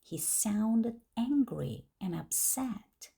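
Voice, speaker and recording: A woman narrating a first-person story slowly and deliberately for English learners. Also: on the low side, animated, warm tone. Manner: slow, clear, deliberate reading.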